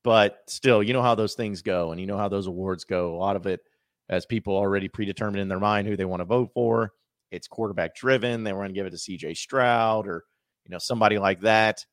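A man's voice: fairly low pitch, a little fast, no echo, clean studio sound. A man hosting a sports podcast, talking casually, rambling and correcting himself as he goes. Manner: rambling, self-correcting, chatty. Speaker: podcast host.

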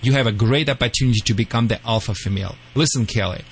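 A man's voice: medium pitch, fast talker, a little hiss or hum. A man with a Russian accent, a dog trainer co-hosting a radio talk show, playful and lecturing in broken English. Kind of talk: casual radio chat.

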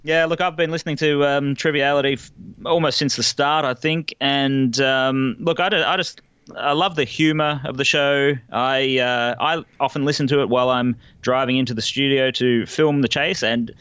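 A man's voice: medium pitch, fairly even intonation, normal speed, a bit bright, smooth, no room sound, lo-fi sound. Wry Australian man hosting a quiz. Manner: dry, wry asides. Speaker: quiz host. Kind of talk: casual podcast quiz hosting.

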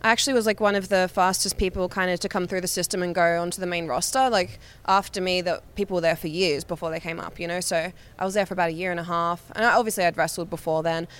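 A woman's voice: on the low side, steady tone, fast talker, few pauses, smooth. A young woman with an Australian accent and a slight American twang, telling stories as an interview guest in a rambling, giggly way full of "like" fillers. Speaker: guest, professional wrestler. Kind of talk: casual storytelling.

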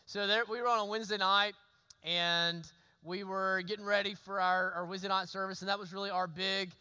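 A man, preaching a sermon and telling a story with lively, sometimes shouted asides. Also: high voice, fairly quick, clear, resonant tone, no echo, rough recording. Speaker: pastor.

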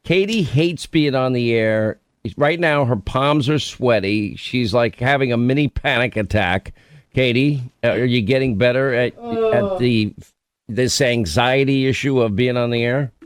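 A man's voice: mid-range voice, animated, a little slow, clear, resonant tone, dry recording. Teasing middle-aged man radio host. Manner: teasing, joking. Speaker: radio talk show host. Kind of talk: casual on-air banter.

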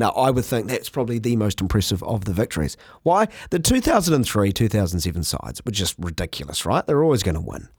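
A man hosting a cricket podcast in casual, animated, self-mocking chat. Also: fairly low pitch, no echo, clean studio sound.

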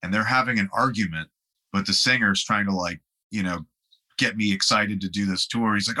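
A man's voice: lowish voice, brisk, bright, forceful tone. A man, a guest musician, telling rambling anecdotes in a casual interview and laughing along the way.

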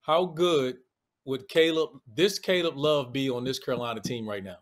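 A man with a Washington DC accent co-hosting a casual sports podcast, animated, slangy and teasing. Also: medium pitch, normal speed. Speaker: podcast co-host.

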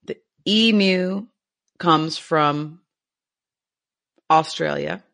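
A woman co-hosting a nature podcast in casual chat, enthusiastic and quick to laugh. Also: sits low, vocal fry, a bit bright. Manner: enthusiastic, laughs easily, explains with some fillers. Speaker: podcast co-host.

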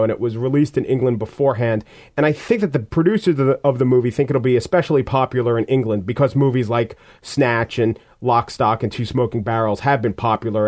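A man's voice: mid-range voice, a little mellow. A man reviewing a movie on a podcast, talking in a wry, opinionated and emphatic way. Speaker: film critic.

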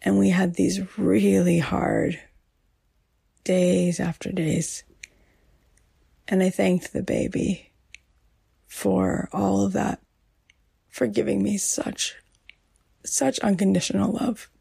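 Gravelly, husky-voiced woman speaking slowly. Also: mid-range voice, flat delivery, no echo. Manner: soft, emotional, often drops to a whisper. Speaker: podcast host. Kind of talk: personal podcast monologue.

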